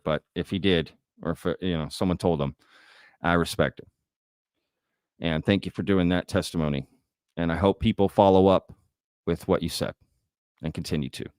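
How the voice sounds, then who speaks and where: A man from Texas talks loosely through his live stream, folksy and chatty as he addresses his viewers. His voice sits a little low and sounds smooth and clear. It is recorded dry and close to the mic. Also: no room sound. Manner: casual, chatty, folksy with "y'all". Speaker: host. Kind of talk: live-stream news commentary.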